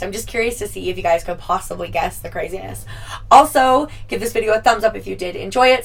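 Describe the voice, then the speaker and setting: A woman's voice: medium pitch, gravelly. Young woman vlogger telling a story, lots of swearing and "like", kinda far from the mic. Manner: chatty, swears often, acts out quoted lines. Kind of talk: casual storytime vlog.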